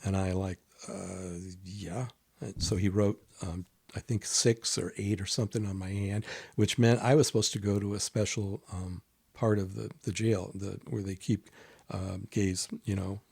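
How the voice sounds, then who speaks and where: A man with a lowish voice tells stories in a relaxed, conversational way. He gets animated, jumping up in pitch when he acts out other people's lines. Sometimes he drops his voice to a near whisper for an aside. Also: moderate pace, creaky, breathy edge. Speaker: guest. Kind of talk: casual storytelling conversation.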